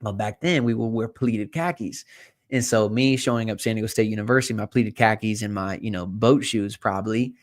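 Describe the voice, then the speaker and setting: Low-voiced Southern country-accented man. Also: fairly quick. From South Carolina. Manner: rambling, full of fillers and self-corrections. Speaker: fund manager and podcast host. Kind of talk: casual talk to camera.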